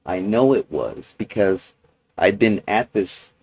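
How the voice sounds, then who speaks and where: A man recording a personal video journal, talking in a halting, rambling way with many restarts and fillers. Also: fairly low pitch, animated, a little mellow, dry recording, rough recording.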